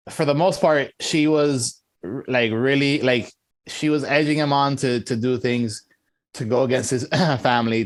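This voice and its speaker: A man co-hosting a casual movie review podcast, talking in a relaxed, rambling way. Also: medium pitch, no room sound. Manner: laid-back, rambling, laughs often. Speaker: podcast co-host.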